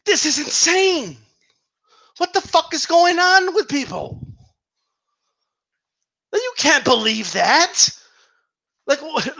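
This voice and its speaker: A man's voice: very high voice, lively intonation, slow, creaky, pauses often, sharp tone. A man ranting about boxing in a heated, casual monologue, swearing and repeating himself for emphasis. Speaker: boxing commentator.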